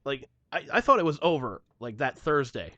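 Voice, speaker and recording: A man's voice: mid-range voice, moderate pace, no room sound, highs cut off. Young guy ranting bout work on a podcast, cusses a lot, dry no-room sound. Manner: profane, animated storytelling. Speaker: podcast host. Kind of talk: casual chat.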